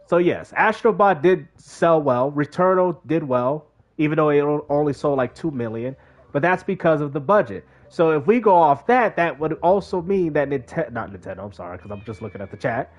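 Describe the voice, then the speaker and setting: In lo-fi sound, a slightly high-voiced man streams a game at a moderate pace. His casual live commentary is animated, and he addresses his chat in slang.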